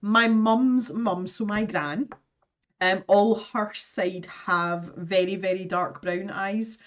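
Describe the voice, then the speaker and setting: A woman's voice: medium pitch, takes it slowly, distant mic, a little hiss or hum. A woman from Scotland, in her thirties, chatting casually and self-deprecatingly while she draws on a livestream and reads out viewer comments, laughing often. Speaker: artist livestreaming her drawing.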